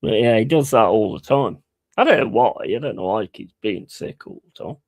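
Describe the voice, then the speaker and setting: A man's voice: lowish voice, lively intonation, fairly quick, dry recording. A man chatting casually on a live stream, rambling and swearing between chuckles.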